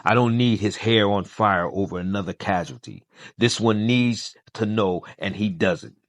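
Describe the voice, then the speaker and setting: A man's voice: fairly low pitch, normal speed, no room sound, clean studio sound. A man narrating a comic book story, reading every character's lines with little change of voice between quotes.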